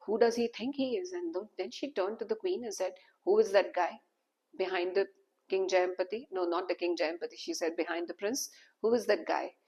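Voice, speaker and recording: A woman voicing a proud young princess, quick to anger and suspicious, in a husky voice. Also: on the low side, steady tone, a little mellow, low-quality recording.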